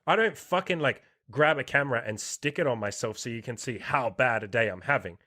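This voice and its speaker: A man's voice: medium pitch, fairly quick, bright, forceful tone. Blunt swearing male podcast host. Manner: blunt, heavy swearing, pep-talk energy. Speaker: podcast host and dating coach. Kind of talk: casual interview chat.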